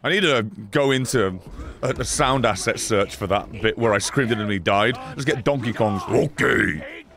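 A man streaming a video game, reacting loudly and swearing as he plays. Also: medium pitch, normal speed. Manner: excitable, shouty, swearing. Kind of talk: gameplay commentary.

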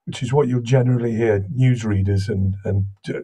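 Man, slight Welsh accent, casual guest chat, lively anecdotal storyteller, medium pitch. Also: fairly quick, husky, soft background music. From Wales. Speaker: guest voice actor.

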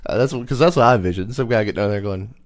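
A man's voice: on the low side, rapid-fire. A man co-hosting a podcast, chatting casually, teasing his friend and swearing as he acts out scenes. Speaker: podcast co-host. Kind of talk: casual chat.

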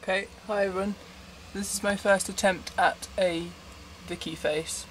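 A man's voice: high voice, steady tone, moderate pace, heavy background noise. A man chatting casually to camera from his bed, rambling and self-deprecating, often breaking into giggles. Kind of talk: casual vlog chat. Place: bedroom, in bed at night.

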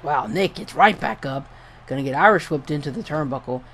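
A young man giving casual play-by-play commentary over a wrestling video game, getting excited and swearing at big moves. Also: fairly high pitch, a little fast, slight background noise. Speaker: gameplay commentator.

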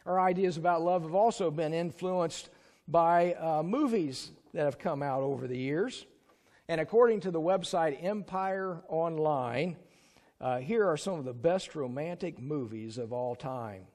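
A man preaches in a church in an easy, talky way, as if chatting with the people in the pews. His voice sits a little on the high side. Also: measured pace, a little mellow. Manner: conversational, chuckles and sings snatches to the congregation. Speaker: pastor. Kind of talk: sermon. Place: church sanctuary.

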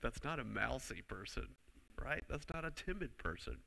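Forceful low-voiced preacher in a hall. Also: male voice, very animated, moderate pace, vocal fry, a little hiss or hum. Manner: emphatic, repeats key phrases, asks the congregation to respond. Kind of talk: sermon. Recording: long hall reverb.

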